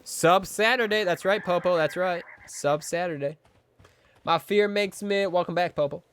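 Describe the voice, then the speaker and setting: A man's voice: high voice, normal speed, fairly bright tone, clean tone. A man streaming a game live, chatting playfully with his viewers and slipping into silly voices. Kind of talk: casual live-stream chat with gameplay.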